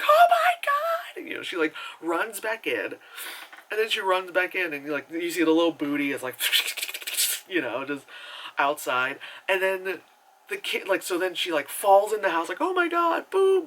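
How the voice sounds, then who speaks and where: A man rambles through a movie recap in a casual review vlog, sarcastic and loose with the swearing. His voice sits a little high, with a bright, sharp edge. He leans on endless fillers and restarts as he goes. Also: poor audio.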